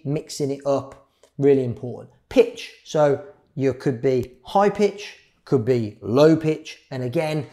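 A middle-aged man giving a public speaking workshop, shifting his pace and volume and pausing for effect. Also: mid-range voice. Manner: varies speed and loudness, pauses for effect. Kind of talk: live workshop talk.

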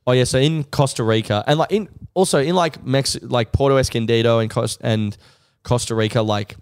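An Australian man tells a rambling comedic story with animated, slangy delivery. His voice sits at a middle pitch and is recorded close and dry on a podcast mic. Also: a little fast, clean tone, no room sound. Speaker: podcast guest.

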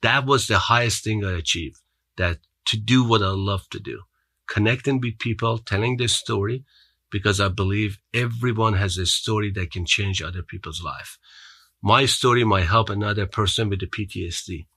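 A man's voice: on the low side, moderate pace, sharp tone, no room sound. Earnest man with an accent. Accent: foreign accent. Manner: earnest, motivational, with restarts. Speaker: podcast guest. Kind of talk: storytelling in an interview.

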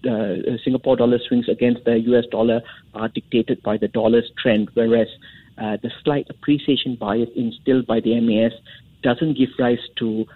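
Man, economist guest, halting radio answer, husky, phone-line sound, dry. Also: mid-range voice, level tone, no echo. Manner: hesitant, many restarts and fillers.

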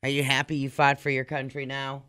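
Bright, crisp sardonic radio host. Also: male voice, mid-range voice, monotone, fairly quick, no echo, clean studio sound. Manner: sardonic, reads out news stories. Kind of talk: casual morning show banter.

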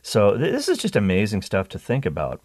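A man hosting a Catholic radio talk show, talking with enthusiasm, restarting phrases and jumping in pitch on exciting points. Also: brisk, slightly rough, no room sound, studio quality. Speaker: radio host.

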